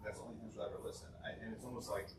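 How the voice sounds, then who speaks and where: A man in the audience, a parent, telling a quick story about his household. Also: lowish voice, little pitch movement. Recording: echoey room, distant mic, faint noise.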